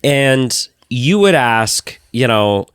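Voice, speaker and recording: A man's voice: medium pitch, sing-song, extremely slow, a bit bright, clear, resonant tone, no room sound, studio quality. A man co-hosting a podcast in casual chat, telling stories in a rambling, emphatic way with repeated words. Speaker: podcast co-host.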